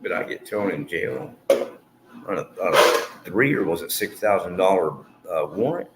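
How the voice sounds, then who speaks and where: A man's voice: low-pitched, expressive, a little slow. A man who streams, giving a rambling, earnest and emotional personal testimony and swearing freely. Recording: echoey room with faint noise.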